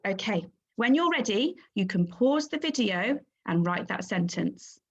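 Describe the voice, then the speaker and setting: Woman, primary teacher, phonics lesson, unhurried, sounds out syllables, encouraging, dull lo-fi audio. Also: mid-range voice, lively intonation. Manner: slow, clear, sounding out letters and syllables; encouraging, praising the class. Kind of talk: phonics lesson for young children.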